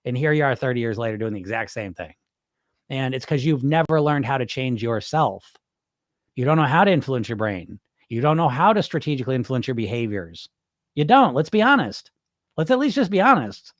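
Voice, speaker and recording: Animated man coaching with blunt rhetorical questions. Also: mid-range voice, a little fast, no room sound, studio quality. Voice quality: animated, emphatic, swears freely. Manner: argumentative rhetorical questions, acts out his own inner voice. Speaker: weight loss coach. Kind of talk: direct-to-camera advice talk.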